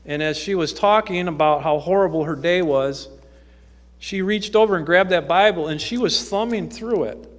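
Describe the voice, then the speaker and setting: A man with a high voice stands at the pulpit of a church, offering an informal testimony at a moderate pace. He works with youth in the ministry, tells stories in a chatty style with lots of ums, and the sanctuary echoes.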